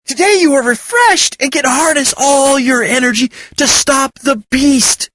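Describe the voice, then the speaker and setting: A man's voice: very high voice, unhurried, fairly bright tone, dry recording, pitched above the performer's own voice. A man voicing Val, a mysterious man who insists on warning the others of danger. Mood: insistent. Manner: insistent, urgent.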